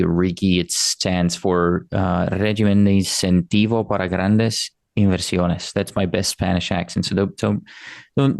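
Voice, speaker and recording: Male host, deep and gravelly, dry close sound, relaxed and chatty. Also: no echo. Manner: casual, summarizing for listeners. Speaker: interview host. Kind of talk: business interview questions.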